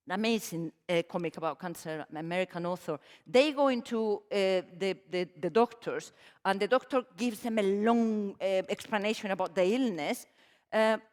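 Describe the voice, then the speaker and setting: A middle-aged woman from Spain with a Spanish accent, giving a lively, emphatic conference talk with frequent restarts. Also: mid-range voice. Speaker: conference speaker. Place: conference hall. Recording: long hall reverb.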